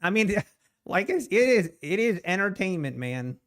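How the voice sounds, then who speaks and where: A man's voice: high-pitched, sing-song, normal speed, fairly bright tone. A man streaming his trading live, talking to the chart and chatting with viewers between laughs.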